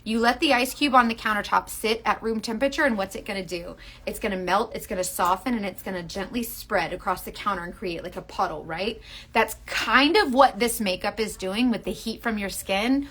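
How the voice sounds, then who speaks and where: A woman's voice: mid-range voice, a little fast, a bit bright. Chatty woman demonstrating makeup live. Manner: chatty and earnest, talks straight to viewers; rambling, restarts sentences. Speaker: makeup seller.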